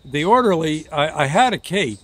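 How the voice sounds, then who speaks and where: A man telling a personal story casually, halting and restarting his words as he goes. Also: fairly high pitch, animated, fairly bright tone, husky, no room sound.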